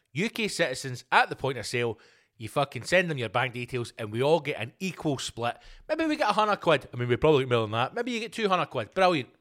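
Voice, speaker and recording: A man hosting a solo podcast, ranting with heavy swearing and sarcasm, jumping between loud outbursts and low muttered asides. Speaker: podcast host.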